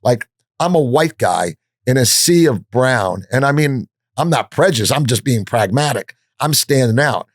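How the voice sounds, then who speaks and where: A man telling his story as a podcast guest, blunt and profane, animated and full of restarts. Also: medium pitch, normal speed, dry recording, studio quality.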